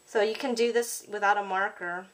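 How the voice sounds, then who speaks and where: A woman's voice: medium pitch, fairly even intonation, moderate pace. A woman casually narrating a card-making tutorial at her craft table, chatty and apologetic, with plenty of ums.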